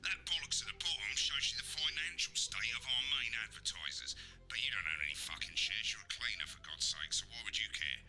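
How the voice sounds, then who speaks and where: A man's voice: lowish voice, expressive, a little fast, gravelly, pushed and bright, soft background music, heavily acted, low-quality recording. An actor playing a brusque adult male broadcast supervisor in a video game, swearing casually and talking down to the listener. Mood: blunt. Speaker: game character.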